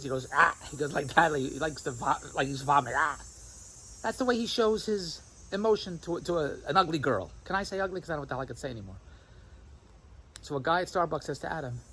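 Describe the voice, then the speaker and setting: A man's voice: a little high, a bit bright, a little hiss or hum, poor audio. A man vlogging outdoors at a restaurant, rambling and repeating himself, laughing at his own points, with insects chirping behind him. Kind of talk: rambling casual vlog monologue. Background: crickets and insects.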